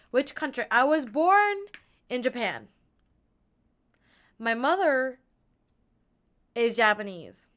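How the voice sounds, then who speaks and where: Young woman streaming, kinda high voice, giggly and rambly, talking into her earbud mic. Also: a bit bright. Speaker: live streamer. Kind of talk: casual stream chat.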